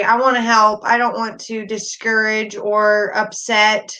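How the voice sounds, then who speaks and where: A middle-aged woman hosting a casual livestream, talking warmly and reassuringly while reading chat comments aloud. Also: mid-range voice, level tone, a little slow. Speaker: livestream host.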